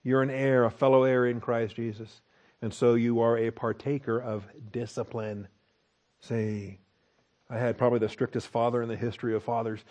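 A middle-aged man giving a verse-by-verse Bible lesson in a relaxed, conversational way. He explains word meanings, then checks in with his listeners with a quick "okay?". His voice sits at an ordinary pitch for a man. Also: dull audio. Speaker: Bible teacher.

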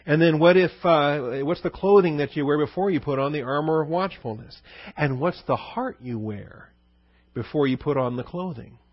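A man's voice: a little high, moderate pace, dry recording, highs cut off. A male pastor giving a conversational verse-by-verse sermon, asking his listeners questions and answering them himself, with many fillers.

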